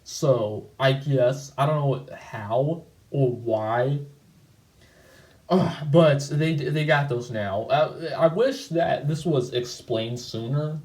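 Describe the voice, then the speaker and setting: A man's voice: medium pitch, slow pace, darkish tone, echoey room, poor audio. Rambling guy reacting to old work. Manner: rambling, lots of "like" and self-corrections. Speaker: channel host. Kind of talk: casual video commentary.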